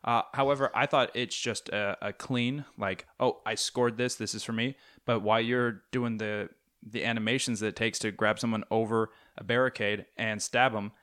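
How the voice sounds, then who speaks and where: A man's voice: fairly low pitch, normal speed, smooth. A young man co-hosting a casual podcast, telling long rambling stories with lots of fillers. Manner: rambling, animated storytelling with fillers. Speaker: podcast co-host. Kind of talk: casual chat.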